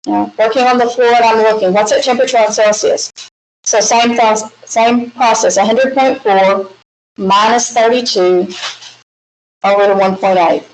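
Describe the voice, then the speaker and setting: A woman with a Southern US accent gives a recorded math lecture, working through problems step by step and dropping in chatty, folksy asides. Her voice is a little high and steady, at normal speed. The classroom sounds echoey, with a faint hiss.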